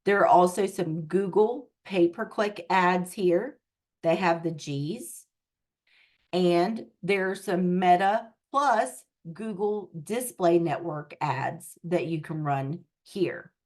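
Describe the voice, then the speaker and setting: Unhurried, low-voiced woman coaching online. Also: darkish tone. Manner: unhurried, explanatory, checks in with listeners. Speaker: tech coach. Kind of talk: live online training session.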